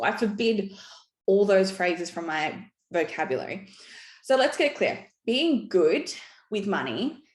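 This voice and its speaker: A woman's voice: fairly low pitch, animated, measured pace. Upbeat woman coaching in a roomy space. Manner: frank, upbeat, peppered with "right?". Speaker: money coach and author. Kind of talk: motivational talk. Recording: roomy echo.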